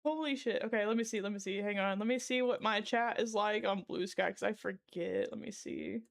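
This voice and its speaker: A woman's voice: medium pitch, steady tone, fairly quick, gravelly. A woman livestreaming from a small room at home, chatting casually with viewers, giggling breathlessly and swearing freely between lines.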